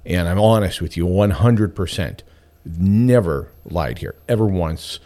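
A man's voice: sits low, unhurried, dark tone. A man hosting a radio show, talking in a chatty, candid and enthusiastic way. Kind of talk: casual radio talk.

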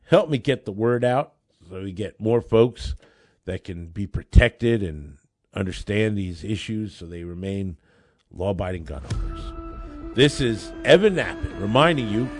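Animated male lawyer telling a story. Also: on the low side, dry recording, clean studio sound. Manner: animated, builds up excitement in anecdotes. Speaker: podcast host, lawyer. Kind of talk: casual storytelling.

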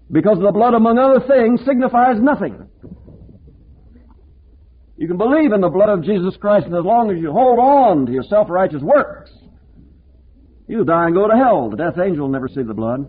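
Fervent male preacher, somewhat high voice, swings from loud to hushed; thin tinny lo-fi audio. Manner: impassioned preaching, swinging between emphatic and hushed. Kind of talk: sermon. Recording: tinny lo-fi phone-like recording.

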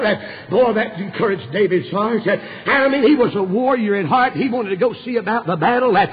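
A preacher delivers a fervent storytelling sermon, dropping "uh" between his phrases. His man's voice sits very high and sounds rough and raspy. It comes through a muffled, dull recording with a long hall reverb. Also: animated, brisk, hardly any pauses. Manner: impassioned storytelling preaching with frequent "uh" fillers.

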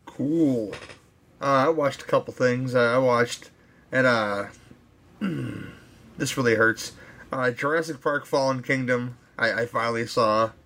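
A man's voice: medium pitch, steady tone, slow pace, gravelly, fairly bright tone. A man co-hosting a casual podcast, rambling and hesitant as he reviews a movie, with crude asides. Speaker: podcast co-host.

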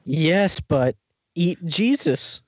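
A man's voice: a little high, expressive, very slow, heavily acted. A man voicing a simple-minded male snake who tempts in broken words during a comedic table read. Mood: coaxing. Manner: broken caveman-like speech, insistent.

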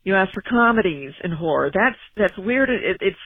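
A woman's voice: medium pitch, expressive, normal speed, breathy edge, dry recording. Rambling woman on a tinny phone line. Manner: rambling, self-deprecating, stammering. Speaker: voicemail caller. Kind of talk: casual phone message.

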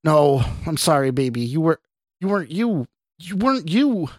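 A man voicing an anxious young man losing his grip, frantic and breaking into shouts. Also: mid-range voice, lively intonation, unhurried, no echo. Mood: shaken.

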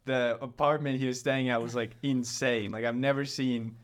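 A young man rambles through a story in casual conversation. He leans on "like" constantly and acts out what people said as he retells it. His voice sits at an ordinary mid pitch. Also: moderate pace. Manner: rambling, lots of "like", animated retelling. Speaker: storyteller guest. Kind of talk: casual chat.

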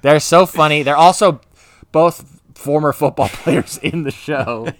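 A man's voice: on the high side, a little slow, a little hiss or hum. A man co-hosting a podcast, chatting casually in a rambling way with lots of filler words. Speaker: podcast co-host. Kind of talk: casual chat.

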